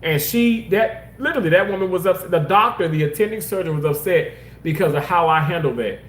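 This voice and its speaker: Rambling, animated man in an echoey room. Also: high voice, fairly quick. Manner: animated, rambling, repeats himself for emphasis. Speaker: former hospital surgical worker. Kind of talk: casual personal storytelling.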